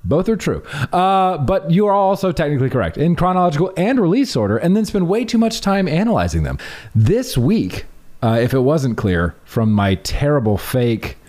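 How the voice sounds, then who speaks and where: Male podcast host, playful, somewhat high, animated. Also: moderate pace. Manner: playful, joking. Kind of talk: casual chat.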